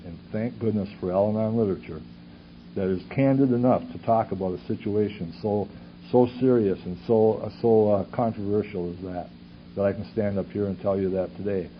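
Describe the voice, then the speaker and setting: A man's voice: lowish voice, brisk. Earnest man testifying on a lo-fi tape. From Superior, Wisconsin. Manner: earnest, rhetorical questions, swings from loud to hushed. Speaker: conference speaker sharing his story. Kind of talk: personal testimony talk. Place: conference hall with audience. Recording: dull lo-fi tape recording with faint hiss.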